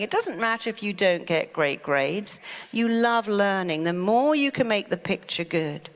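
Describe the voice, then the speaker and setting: A woman therapist gives a lively motivational talk to an audience and slips into short acted snippets of anxious inner voices. Her pitch sits mid-range, and her voice carries a long reverb tail, as if heard in a large hall. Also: unhurried.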